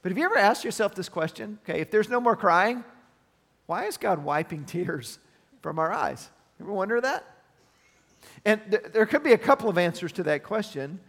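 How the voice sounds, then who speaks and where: A man's voice: high-pitched, sing-song, moderate pace, a bit bright. A middle-aged man preaching a sermon as pastor, earnest and conversational, mixing scripture with personal asides. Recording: long hall reverb.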